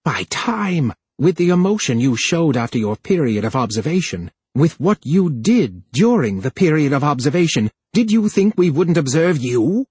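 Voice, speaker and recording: A male narrator voicing a plump, scheming male official who sneers and then pleads in a higher voice. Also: sing-song, moderate pace, few pauses, darkish tone, husky, dry recording, heavily acted. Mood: scornful.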